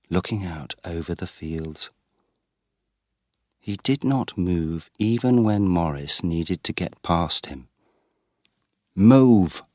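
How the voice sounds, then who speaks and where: Man narrating a learner story, deep voice, lively intonation, slow pace, dry recording. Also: no room sound. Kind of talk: graded-reader story narration.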